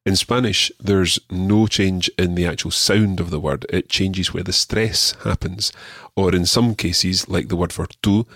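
A man teaching a radio language lesson, patient and encouraging, repeating words slowly for the learner. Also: deep voice, steady tone, fairly bright tone, husky, no echo, clean studio sound.

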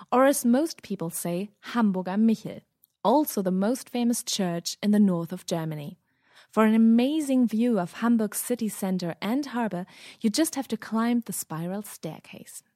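Brief: female correspondent, mid pitch, cheerful read, dry studio sound. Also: darkish tone, no echo. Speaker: cultural correspondent. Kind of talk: scripted travel segment in a language lesson.

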